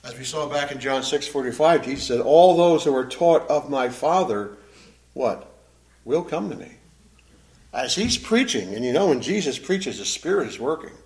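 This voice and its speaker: A man preaching a sermon as pastor, animated, with emphatic pauses and repeated phrases. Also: mid-range voice.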